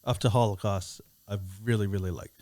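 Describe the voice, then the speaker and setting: A man co-hosting a casual music review podcast, talking in a laid-back, halting way and laughing often. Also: on the low side, steady tone, a little mellow, dry recording. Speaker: podcast co-host.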